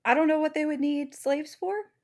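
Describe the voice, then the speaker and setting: A woman co-hosting a podcast, presenting the episode's topic in casual chat, animated and swearing freely. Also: high-pitched, normal speed. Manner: animated, swears freely, acts out little voices.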